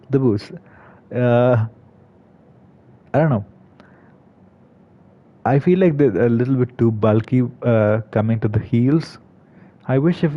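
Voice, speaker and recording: Male game commentator, casual and halting, mid voice, somewhat lo-fi mic. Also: mid-range voice. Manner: hesitant, many fillers and restarts. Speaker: gaming video creator. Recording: slightly dull lo-fi recording.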